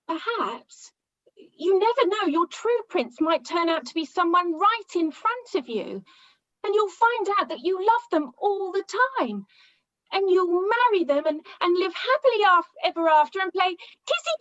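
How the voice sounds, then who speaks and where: A lovesick, cheerful Buttons, played by a woman in an amateur panto, gushing sweetly with a very high, lively voice. The sound is dull and lo-fi. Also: unhurried, full character voice.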